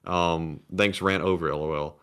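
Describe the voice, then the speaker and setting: A man's voice: low voice, steady tone, moderate pace, fairly bright tone, clean tone. A man co-hosting a casual livestream, reading supporter messages aloud in a laid-back way. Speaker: co-host reading donations.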